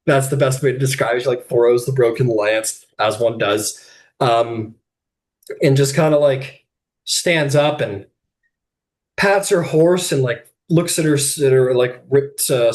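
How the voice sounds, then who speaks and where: A man runs a tabletop game and narrates a jousting scene in an easygoing, rambling way. He often restarts lines and drops fillers between them. His voice sits at a middle pitch. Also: a little slow. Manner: lively, rambling, full of fillers. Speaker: game master.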